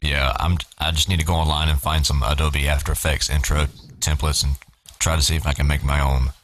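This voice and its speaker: A man with an extremely deep, low voice chats casually in a group call, stumbling over fillers and restarting his sentences. A faint hiss of noise sits under his voice. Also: little pitch movement, brisk, fairly bright tone. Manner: hesitant, many fillers and restarts. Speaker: host planning a show. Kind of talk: casual group video chat.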